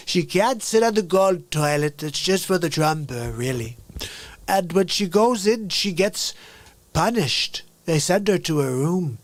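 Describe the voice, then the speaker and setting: A man's voice: a little high, no room sound. A man doing a comedic impression of a boastful older male politician who brags in repetitive phrases.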